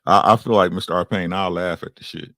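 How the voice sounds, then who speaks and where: A man in casual chat on a video call, relaxed and talking in loose slang that keeps asking "you know what I'm saying". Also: deep voice, fast, dry recording, studio quality.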